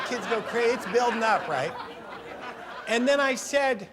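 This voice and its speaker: A man interviewed for a documentary, telling stories in a lively, profane way and acting out what others said. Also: extremely high pitch, measured pace, long pauses, a faint crowd, a little hiss or hum. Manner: lively, profane storyteller who acts out quotes. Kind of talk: animated anecdote storytelling.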